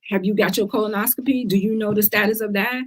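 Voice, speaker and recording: A woman's voice: mid-range voice, fairly even intonation, fast talker. A middle-aged woman, hosting a casual talk show and speaking earnestly and emphatically, repeating words to stress her points. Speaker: host of a cancer talk show.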